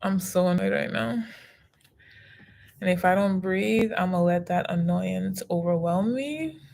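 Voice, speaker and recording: A woman's voice: fairly low pitch, unhurried, vocal fry, a little mellow, a little hiss or hum. Annoyed woman venting on a livestream. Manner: frustrated and venting, then guiding a breathing exercise. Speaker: livestream host. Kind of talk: casual livestream talk.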